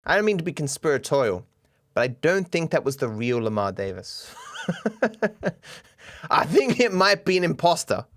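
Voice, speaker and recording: A man's voice: a little high, very animated, normal speed, pauses often, fairly bright tone. A man in his twenties with an Australian accent, casually commenting on fan memes with wry, self-mocking humor and frequent chuckles. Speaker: streamer.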